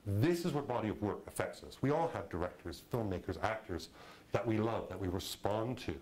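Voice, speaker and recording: A middle-aged man teaching a film directing class, talking in a lively, conversational way and acting out quotes. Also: lowish voice, fairly quick, rough recording. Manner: animated, conversational, acts out quotes. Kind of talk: lecture to a class.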